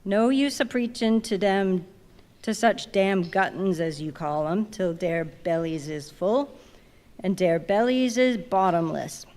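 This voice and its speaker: A woman voicing a grumbling ninety-year-old male ship's cook who preaches in a slow, drawling dialect. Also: medium pitch, darkish tone, lightly acted. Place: large museum reading hall. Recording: long reverb in a big hall.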